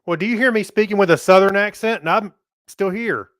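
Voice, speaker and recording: A man's voice: high voice, brisk, no room sound, studio quality. A man co-hosting a casual podcast, playful and teasing, laughing often. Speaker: podcast co-host. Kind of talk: casual chat.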